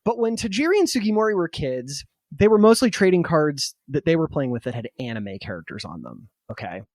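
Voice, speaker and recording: Animated man telling a story. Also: on the high side, fairly quick, dry recording, clean studio sound. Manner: animated, laughs easily. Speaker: podcast host telling the story. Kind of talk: casual storytelling podcast chat.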